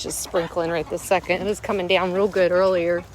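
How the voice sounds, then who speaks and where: Chatting to her chickens and her audience in a cozy vlog, a woman stands outside a coop in the rain amid loud noise, clucking and a crowing rooster. Her lowish, steady voice moves at normal speed with hardly any pauses, recorded from a distance with a roomy sound.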